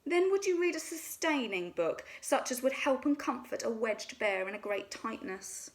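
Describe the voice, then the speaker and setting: A woman's voice: on the high side, animated, moderate pace, natural voice. A woman voicing a plump, hungry male teddy bear who sounds anxious and plaintive in a storybook reading.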